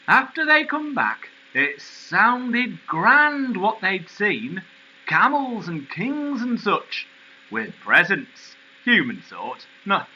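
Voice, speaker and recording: A man voicing a plain-spoken male sheepdog with a Northern English accent, telling his story slowly. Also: high voice, bright, forceful tone, dull audio, slight background noise, full character voice. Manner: slow, homely storytelling.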